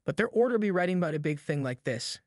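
Two scared backwoods boys trade hushed lines in a thick rural drawl, voiced by a man. The voices sit fairly high, and the recording is dry and close. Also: lively intonation, fast, dry recording. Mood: scared whisper. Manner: rustic dialect drawl, hushed and fearful. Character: two frightened backwoods boys whispering at night.

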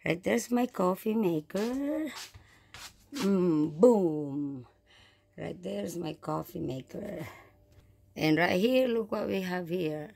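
A woman's voice: lowish voice, slow, gravelly, pauses often, a little mellow. An older woman with a Filipino accent, a truck driver vlogging casually outdoors at a campground and talking straight to her viewers. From Philippines. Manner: upset, talks straight to viewers with repeated "guys" and "okay". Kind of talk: casual vlog walkthrough. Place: outdoors at a campground, then inside a small home.

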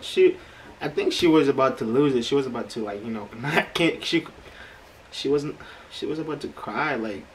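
A man talks through a reaction video in casual, slangy commentary, stressing his words and circling back to the same phrases. His pitch sits in the middle range. A faint hiss of background noise runs under his voice. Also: poor audio. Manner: slangy, emphatic, repeats phrases.

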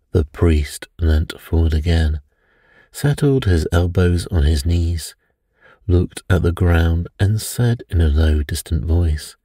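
A man narrating a bedtime story softly and evenly, meant to help listeners sleep. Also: low-pitched, slow, breathy edge, no echo. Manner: soft and even for sleep.

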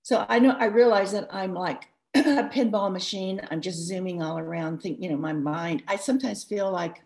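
A woman author giving advice in a live interview, talking in a lively, rambling way full of restarts and asides. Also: mid-range voice, normal speed, vocal fry. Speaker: author discussing her book.

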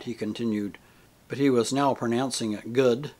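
A man reading a book aloud, measured and expressive. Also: mid-range voice. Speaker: reader. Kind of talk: audiobook reading.

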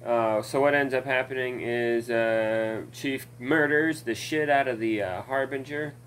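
Slow, rambling, profane man. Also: mid-range voice, fairly even intonation, fairly bright tone, a little hiss or hum, low-quality recording. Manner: rambling and profane, with many fillers and laughs. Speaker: gaming commentator. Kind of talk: casual rambling rant.

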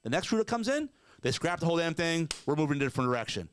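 A man's voice: fairly high pitch, sing-song, racing, few pauses, a bit bright, smooth. A man co-hosting a podcast, ranting emphatically and with profanity, acting out mock quotes as he goes. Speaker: podcast co-host. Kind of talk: casual ranting commentary.

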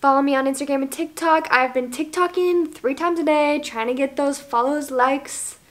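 A woman's voice: high voice, moderate pace. A woman in her early twenties from the United States, chatting in a casual favorites vlog at home, bubbly and gushing with lots of fillers, recorded on the camera's microphone. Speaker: vlogger.

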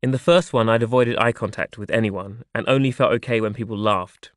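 Guy reading his memoir, quiet and wry, super dry booth sound. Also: lowish voice, brisk, dry recording. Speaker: audiobook narrator.

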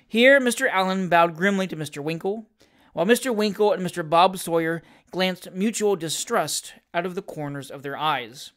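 A steady reader narrating a classic novel, measured and even in delivery. The voice sits at a middling pitch. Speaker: audiobook reader. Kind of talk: reading a classic novel aloud.

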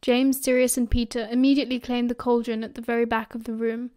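A British woman reads an audiobook aloud, her voice sitting a little high for a woman. She narrates in a steady, expressive storytelling way. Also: fast. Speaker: audiobook reader.

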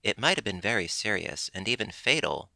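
A man's voice: fairly low pitch, very animated, brisk, vocal fry, sharp tone, dry recording, heavily acted. A man voicing a little old man from a cottage who answers plainly. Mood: telling.

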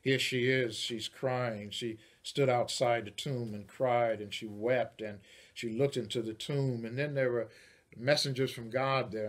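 A man, a pastor, preaching a sermon, moving from quiet storytelling to loud, rising declarations. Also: medium pitch.

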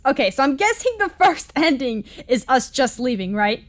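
A woman playing a visual novel aloud, reading the story and reacting in an excitable, dramatic, jokey way. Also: high-pitched, normal speed, hardly any pauses. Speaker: game streamer.

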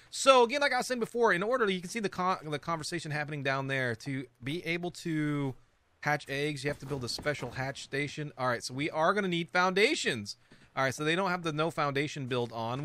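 Bright-voiced man narrating his gameplay. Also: on the high side. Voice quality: chatty, self-mocking, talks to the game pieces. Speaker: gaming streamer. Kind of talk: casual let's-play commentary.

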